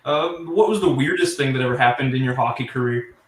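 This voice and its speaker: A man's voice: mid-range voice, fairly quick. Distant echoey male interviewer. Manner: brief reactions, frequent laughs. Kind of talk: casual interview.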